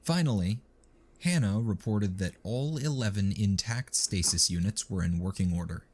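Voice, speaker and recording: Guy with a lowish voice reading a story out, steady and measured. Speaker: narrator. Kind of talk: scripted narration.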